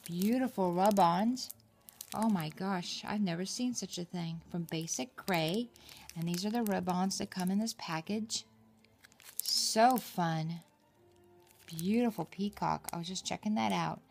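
A middle-aged woman vlogger opening a craft gift package at home, gushing with excitement and gasping over each item. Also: fairly low pitch, measured pace, gravelly, slight background noise. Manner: gushing, excited, gasps often. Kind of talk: casual unboxing chat.

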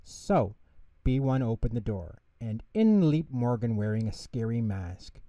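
A man's voice: medium pitch, lively intonation, unhurried, dark tone, dry recording. A man reading a children's bedtime story aloud, with a dry, self-mocking humour. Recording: dry, distant mic.

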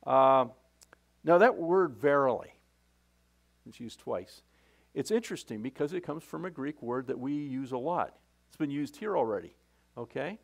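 A man's voice: medium pitch, lively intonation, moderate pace, creaky, pauses often. A middle-aged male pastor preaching a sermon in a conversational, folksy way, often restarting his sentences.

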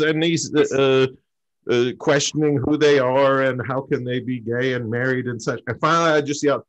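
A man doing a stand-up story over a video call, halting, with lots of fillers and pauses. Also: mid-range voice, steady tone, rough recording. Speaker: stand-up comic.

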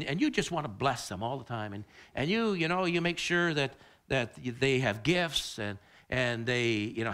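Man, middle-aged pastor, sermon, high voice, lively pitch, repeats words. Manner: animated, repeats words when emphatic.

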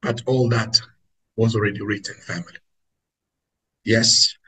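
A man's voice: lowish voice, fairly even intonation, unhurried, sharp tone, a little hiss or hum, low-quality recording. A man with an Angolan accent preaching to an online audience, emphatic and repetitive, calling his listeners family.

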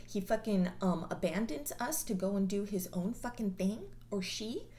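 A woman's voice: medium pitch, animated, moderate pace, mellow. A woman vlogger giving a casual monologue in a blunt, profane and sarcastic way. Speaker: mental health vlogger.

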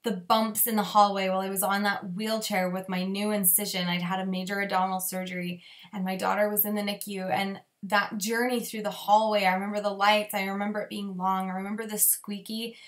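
A woman in her thirties giving a chatty training talk to fellow coaches, full of "like"s and quick laughs. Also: medium pitch, little pitch movement, a bit bright. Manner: chatty, many "like"s, laughs often, acts out sample posts. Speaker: fitness business coach.

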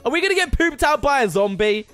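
Excitable high-voiced young man. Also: fast talker, soft background music. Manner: excitable, chatty, jokey, talks to the game and its maker. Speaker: gaming YouTuber. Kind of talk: casual gameplay commentary.

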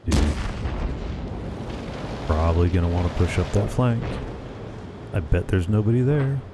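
A man's voice: deep voice, lively intonation, a little slow, very noisy. A man streaming a tank game, chatting wryly to himself about the match. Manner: wry, talks to himself while playing. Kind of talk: casual gameplay commentary.

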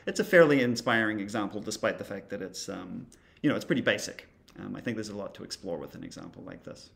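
A man's voice: lowish voice, expressive, fast, gravelly, fairly bright tone. A man teaching creative coding in a casual screen-recorded tutorial, thinking aloud as he demonstrates, with a wry, dry humor.

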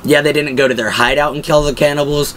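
A man's voice: on the high side, steady tone, fast, a bit bright, slight background noise, rough recording. A young man hosting a show, giving casual, enthusiastic fan commentary in a rambling way full of fillers. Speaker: pop-culture show host.

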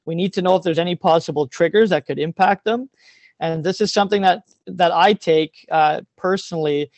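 A man's voice: high voice, brisk, darkish tone, dry recording. A man, a teacher giving an earnest, openly emotional presentation over a video call, with many ums.

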